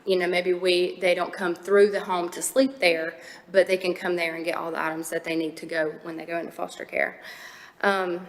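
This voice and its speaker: Woman presenting to a county board, fairly low voice, loose and filler-heavy, long room echo. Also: a bit bright. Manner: informal, with frequent fillers and restarts. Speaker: foster care nonprofit representative. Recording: echoey meeting room.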